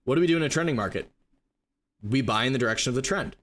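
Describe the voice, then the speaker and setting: A man teaching trading live, walking through charts and rapidly acting out a confused trader's thoughts. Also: medium pitch, expressive, fairly bright tone. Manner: rapid, emphatic explaining with mock inner voices. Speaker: trading educator. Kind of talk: live stream chart walkthrough.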